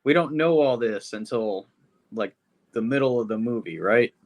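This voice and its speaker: A man's voice: mid-range voice, animated, normal speed. A man hosting a podcast, reviewing a movie in rambling casual chat full of swearing. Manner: rambling, swearing, frequent fillers. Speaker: podcast host. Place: podcast studio.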